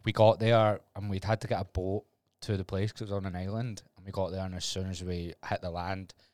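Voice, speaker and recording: A young Glaswegian man, a podcast guest, telling animated stories with plenty of swearing and laughter. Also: sits low, fairly quick, no echo. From Scotland. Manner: animated storyteller, swears freely, laughs often. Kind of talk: casual chat.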